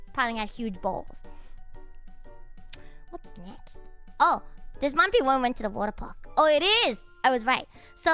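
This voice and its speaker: High-pitched young woman, lively and giggly, casual streamer chat with profanity. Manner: excitable, bursts into laughter, swears casually.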